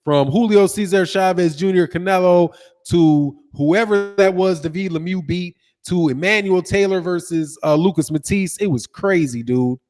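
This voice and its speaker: Guy with a high voice, chatting boxing on a stream, lots of "man" and "dog", echoey room. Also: moderate pace, a little mellow. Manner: slangy, laughing, says "dog" and "man" a lot. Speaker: boxing channel host. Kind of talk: casual livestream chat reading viewer comments.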